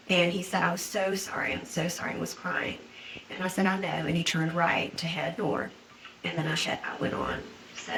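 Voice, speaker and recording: A woman in a police interview, retelling events in a halting, rambling way and quoting what was said. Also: lowish voice, fairly bright tone, a little hiss or hum, poor audio.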